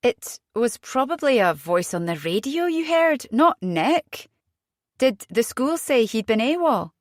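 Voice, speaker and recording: A woman's voice: on the high side, big pitch swings, a little slow, dry recording, voice pushed up. Woman doing a worn-out husband, patient but fed up, dry studio sound. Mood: exasperated. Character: weary, defensive husband and father.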